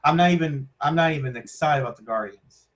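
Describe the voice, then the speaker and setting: A man's voice: on the high side, fast talker, dull audio. A man co-hosting a casual podcast, rambling loosely with lots of fillers and a sarcastic streak. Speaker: podcast co-host. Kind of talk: casual chat.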